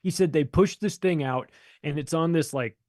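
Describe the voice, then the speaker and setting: A man's voice: on the high side, moderate pace, darkish tone, dry recording. A man chatting as a podcast guest, spinning a long anecdote with plenty of swearing. He slips into the voices of the people he quotes. His voice is dry and close, with no room sound. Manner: rambling, profane, acts out quoted voices. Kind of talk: casual storytelling conversation.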